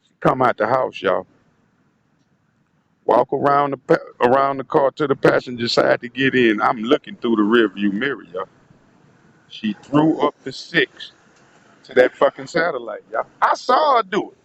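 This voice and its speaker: A man's voice: mid-range voice, fairly bright tone, lo-fi sound, a little hiss or hum. A man telling a rambling, profane story in a casual vlog monologue, often turning to speak to his audience. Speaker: vlogger.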